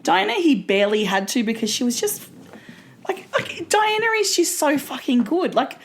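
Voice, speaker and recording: A woman co-hosting a casual podcast, frank and quick with asides, swearing casually. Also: high-pitched, big pitch swings, slight background noise. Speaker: podcast co-host. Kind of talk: casual chat recapping a TV show.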